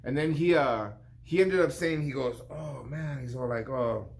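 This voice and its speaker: A man's voice: mid-range voice, moderate pace. A man in his fifties, a barber hosting his own vlog, telling a shop story in a rambling, casual way and acting out his client's lines. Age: 50s.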